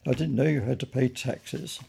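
A man's voice: mid-range voice, moderate pace, vocal fry, dark tone, slightly rough, heavily acted. A man voicing a polite, earnest young male bear who takes everything literally.

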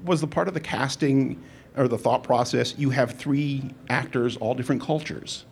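A man's voice: medium pitch, moderate pace, vocal fry. A man asking brief, polite questions as an interviewer. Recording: faint background noise.

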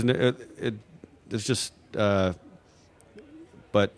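Speaking low and at a moderate pace, a guest from New Mexico, USA, takes audience questions. His unscripted answers wander, and he keeps hesitating, filling gaps and restarting.

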